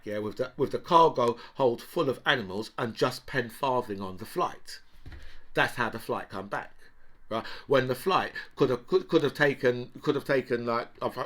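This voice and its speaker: A man's voice: mid-range voice, fairly bright tone. A man hosting a political commentary show, talking in a rambling, exasperated monologue and tagging his points with constant questions to the listener.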